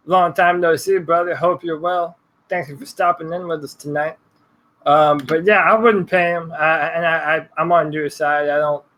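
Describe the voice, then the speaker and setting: A man's voice: fairly high pitch, fairly bright tone, poor audio. A man speaks in a slightly raised voice, giving blunt opinions in an easygoing way. He throws in the odd curse word as he chats about sports. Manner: blunt and laid-back, with mild swearing. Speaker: podcast co-host. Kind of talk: casual sports talk.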